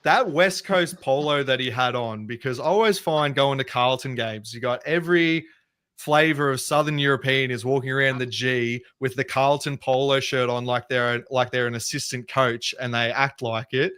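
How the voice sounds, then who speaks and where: A man's voice: medium pitch, moderate pace, fairly bright tone, clear, resonant tone. An Australian man hosting a casual sports podcast, joking and steering the agenda. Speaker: podcast host.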